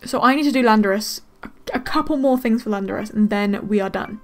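A young woman giving excitable, gasp-filled commentary while playing a video game and thinking aloud. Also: mid-range voice, fast talker. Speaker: gaming let's player. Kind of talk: casual gameplay commentary. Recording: faint game music behind.

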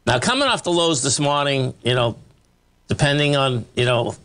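A man's voice: medium pitch, animated, moderate pace, fairly bright tone. A man hosting a live trading show, talking through charts in a rambling, blunt way, full of fillers and repeated "okay, folks". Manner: blunt, emphatic with short laughs. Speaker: market show host.

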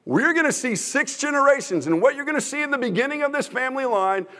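Speaking in a large hall, this man has a very high voice and talks fast. He's a visiting preacher in a church sanctuary giving a humorous sermon, playfully ribbing the crowd with lively energy.

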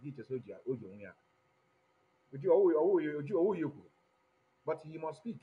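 A Nigerian-accented man hosts a livestream and comments in an animated way, moving between Igbo and English mid-sentence. His voice sits a little high for a man. The audio is dull and lo-fi. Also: quick pace. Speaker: online commentary host.

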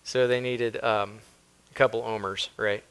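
A man's voice: lowish voice, flat delivery, measured pace, a bit bright, clean tone. An American man, a pastor preaching a sermon with emphasis, reading scripture aloud and acting out the people in the story. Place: church sanctuary.

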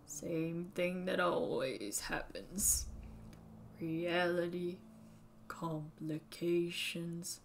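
A woman doing a gruff Southern old man. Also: a little hiss or hum, exaggerated voice. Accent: put-on Southern. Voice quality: deep, slow and heavy. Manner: weary, brooding storytelling. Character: gruff old man, a regretful villainous ex-pharmacist. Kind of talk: live-streamed game read-aloud.

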